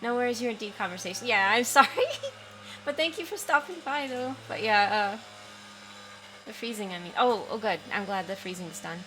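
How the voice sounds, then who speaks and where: Bright-voiced chatty woman livestreamer. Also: medium pitch, fairly quick, slight background noise. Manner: chatty, apologetic, reads chat aloud. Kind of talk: casual storytelling and chat reading. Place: at home by a window.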